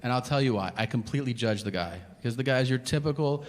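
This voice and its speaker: Telling a profane, conversational story on stage, a male stand-up impersonates the people involved. He's a fast talker with a medium-pitched voice. It's a live recording in a large, reverberant hall, with audience laughter and ambience in the background.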